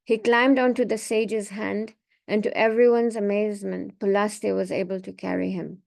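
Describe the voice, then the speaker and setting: A woman leading a scripture reading class, retelling a sacred story in a relaxed, conversational way. She often pauses on fillers and restarts her sentences. Her voice sits at a middle pitch for a woman. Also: creaky. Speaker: class speaker.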